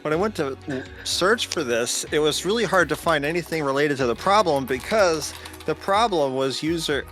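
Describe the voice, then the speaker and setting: A man's voice: a little high, animated, normal speed, fairly bright tone, soft background music. A man chatting casually on a stream, blunt and offhand, with some swearing. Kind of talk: casual chat.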